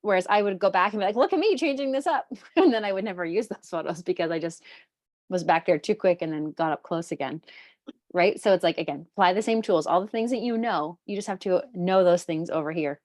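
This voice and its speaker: A woman mentoring photographers in an online portfolio review, giving lively, emphatic advice over a video call. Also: lowish voice, a little fast, no room sound, studio quality.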